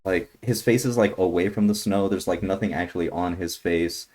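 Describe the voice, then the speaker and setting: A young man ranting through a trailer reaction, blunt and heavily profane, swinging from grumbling to shouting outrage. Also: low voice, moderate pace, background noise. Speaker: YouTuber reacting to a movie trailer.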